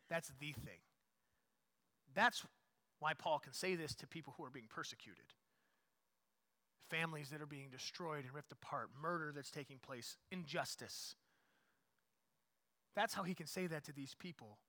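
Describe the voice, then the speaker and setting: Emphatic preaching man with a bright voice. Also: measured pace, long pauses. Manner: preaching with repetition, swinging from loud emphatic peaks to quiet low asides. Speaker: pastor. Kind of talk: sermon. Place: church.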